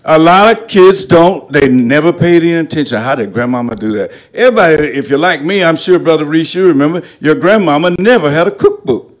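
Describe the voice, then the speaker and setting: Older man, guest speaker in a college hall; folksy, humorous storyteller with a preacher's cadence and a fairly high voice. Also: animated, fairly quick. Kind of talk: public lecture with storytelling.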